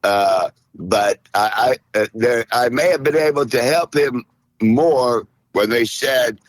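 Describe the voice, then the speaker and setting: A middle-aged man hosting a podcast, griping and rambling in profane, gruff comedic banter. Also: medium pitch, slow, no room sound. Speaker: podcast host.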